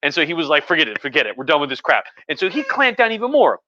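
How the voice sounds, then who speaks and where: A man's voice: a little high, big pitch swings, racing, bright, forceful tone, highs cut off, slight background noise. A tipsy man, a history professor, rambling casually and profanely about history on a livestream. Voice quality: profane, rambling, lots of fillers. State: tipsy from wine.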